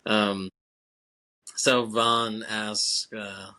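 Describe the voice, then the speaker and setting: A man with a bright, forward voice chats casually as a podcast co-host. He laughs often and swears freely while recapping a film. He slips into quick impressions of the characters' lines. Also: on the low side, flat delivery.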